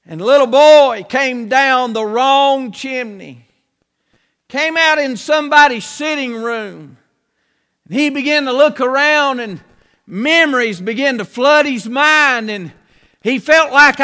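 Man, folksy sermon storytelling, very high voice, long hall reverb. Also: unhurried, pushed and bright. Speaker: preacher.

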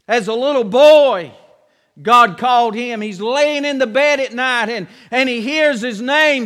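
Man preaching hard, keeps repeating himself, super high bright voice, big church echo. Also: unhurried. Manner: impassioned, repetitive, acts out Bible scenes. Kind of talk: sermon. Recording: long reverb of a church hall.

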